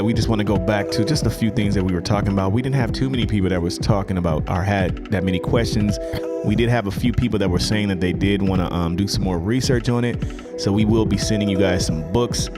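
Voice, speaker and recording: A man hosting a livestream, talking in a loose, rambling way with plenty of fillers. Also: on the low side. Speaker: livestream host. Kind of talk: casual livestream talk.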